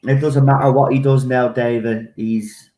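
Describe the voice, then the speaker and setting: Male stream guest, mid pitch, blunt opinions, echoey room sound. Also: steady tone, warm tone. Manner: blunt, opinionated, halting restarts. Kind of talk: casual chat.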